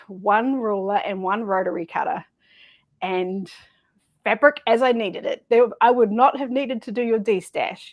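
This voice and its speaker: A middle-aged woman, a quilting guest telling stories in a chatty, easy-laughing way. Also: mid-range voice. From New Zealand. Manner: chatty, laughs easily, lively storyteller. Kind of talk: casual chat.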